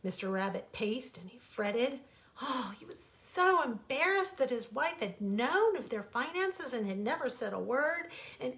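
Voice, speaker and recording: A woman author reading a bedtime fable aloud in an expressive, dramatic storytelling manner. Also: medium pitch. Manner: expressive, dramatic, warmly animated. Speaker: author reading her own stories.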